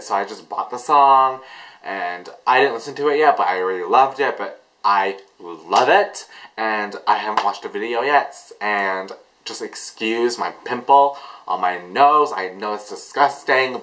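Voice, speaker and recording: A man hosting a casual reaction vlog, gushing and excitable, breaking into delighted shrieks. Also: fairly low pitch, moderate pace, low-quality recording. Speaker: reaction video host.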